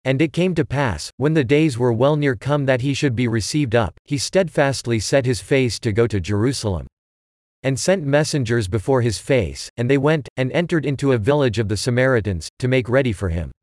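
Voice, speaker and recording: A man's voice: medium pitch, moderate pace, a little mellow, no room sound. Man reading scripture, dry close sound. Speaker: scripture reader.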